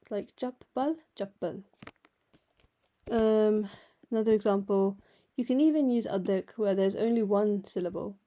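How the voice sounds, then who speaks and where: A woman teaching a writing lesson, patiently explaining each letter and repeating words slowly. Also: medium pitch, steady tone, warm tone, lo-fi sound. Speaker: language teacher. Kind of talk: slow step-by-step alphabet lesson.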